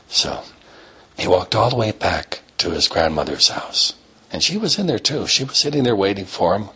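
Low husky man telling a slow story. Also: sing-song, sharp tone. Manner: slow, repetitive, drawn-out storytelling. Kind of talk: told bedtime-style story.

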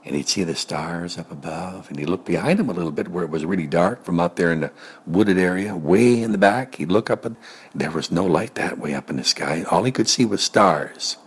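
Husky-voiced man telling a rambling story. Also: low-pitched, animated, brisk. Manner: rambling, gentle, drifts to soft near-whispers. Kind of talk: improvised spoken storytelling.

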